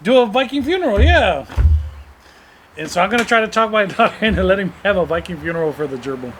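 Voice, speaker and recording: A middle-aged man on a podcast, his voice sitting a little high for a man. He talks bluntly and swears freely, always half joking. A faint steady hum sits under the casual chat. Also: racing. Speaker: podcast co-host.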